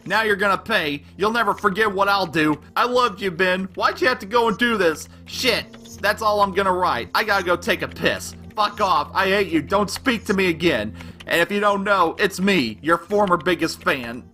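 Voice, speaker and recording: A man's voice: high-pitched, normal speed, pushed and bright. A man rapping in rhyme as an obsessive, unstable young male superfan, with a delivery that swings between gushing and menacing, over a backing beat. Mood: furious. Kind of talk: rapped fan-letter verse over a beat.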